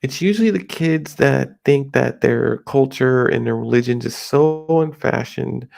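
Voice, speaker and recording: A middle-aged American man talking casually in a rambling, halting monologue with many restarts. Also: mid-range voice, creaky. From United States.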